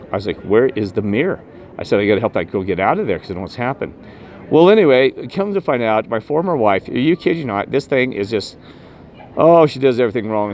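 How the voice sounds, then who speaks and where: A man vlogging a rambling personal story about spirits, emphatic and jumping up in pitch when he quotes himself. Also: a little mellow. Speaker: paranormal vlogger.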